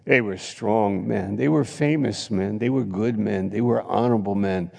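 Man, pastor, gravelly voice, emphatic sermon, long church reverb. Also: on the low side, normal speed. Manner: emphatic preaching with sudden loud rises and repetition.

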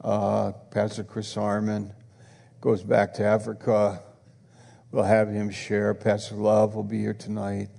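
A man's voice: lowish voice, completely flat delivery, a little slow, gravelly, dark tone. A man preaching a sermon to his congregation, earnest and repetitive, pleading with the listeners. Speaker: pastor. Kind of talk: sermon with altar call and announcements. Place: church auditorium with congregation. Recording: echoey church hall.

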